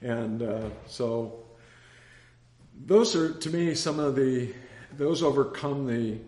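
A man's voice: medium pitch, slow, darkish tone. Man, Bible study teacher, casual and rambling, anecdotal, reverberant room. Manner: chatty, rambling, with anecdotes and restarts. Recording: roomy echo.

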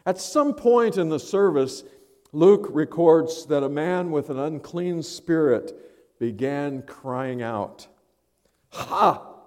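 A man's voice: fairly high pitch, animated, slow, warm tone, in a large hall. A male pastor preaching a sermon in a conversational, thinking-aloud manner.

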